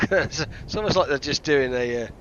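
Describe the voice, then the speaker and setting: An excitable man talks casually through a live game stream, greeting viewers as he plays. His voice sits at an everyday middle pitch. The sound is a bit muffled, with a faint hiss behind it. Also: measured pace. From United Kingdom. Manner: chatty, excitable, thanks viewers by name. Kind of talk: casual live gameplay commentary. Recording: slightly dull stream mic with faint hiss.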